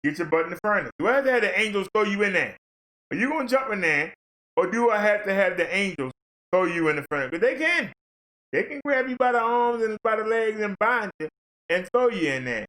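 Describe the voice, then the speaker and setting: A man's voice: sits high, expressive, fairly quick, a bit bright, low-quality recording. A man voicing Jesus as a stern judge, blunt and scolding as he casts sinners out.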